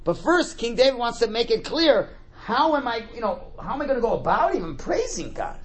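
A man's voice: very high-pitched, fairly quick, slightly rough. A man teaching a class on a prayer text as a religious teacher. He asks questions and answers them himself, and often repeats words as he explains. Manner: animated, asks and answers his own questions.

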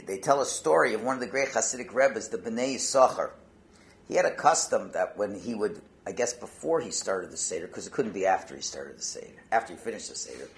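A rabbi delivers a Torah talk in a lowish voice, telling a Hasidic story sprinkled with Yiddish and Hebrew words. His volume swings from hushed to loud.

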